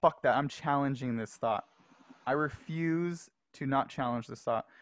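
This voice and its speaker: Male podcast guest, animated storyteller, laughs often, dry close sound. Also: mid-range voice, unhurried, no echo. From Los Angeles. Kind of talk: casual storytelling.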